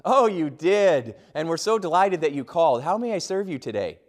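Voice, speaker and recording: A man's voice: fairly high pitch, very animated, moderate pace. A man voicing an overly cheerful male customer service representative who speaks with sugary, gushing politeness. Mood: delighted.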